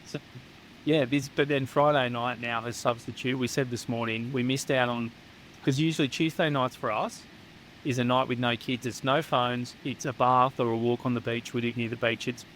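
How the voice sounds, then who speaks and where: A man's voice: medium pitch, fairly even intonation, normal speed, fairly bright tone, a little hiss or hum, poor audio. An Australian man who works as a psychotherapist, speaking as a guest in a candid, casual chat, blunt and swearing freely. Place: home near the beach.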